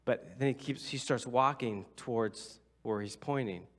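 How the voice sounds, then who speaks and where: Church pastor guy chatting through a sermon story, drops to a whisper for the quotes, middle pitch. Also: a little slow. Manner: conversational, acts out quoted voices with whispers and asides. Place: church sanctuary.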